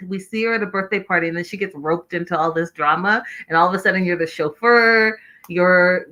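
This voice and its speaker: Bright-voiced woman hosting a lively recap. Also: medium pitch. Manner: expressive, exclaiming, acting out quotes. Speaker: podcast host recapping a reality show. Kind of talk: animated recap commentary.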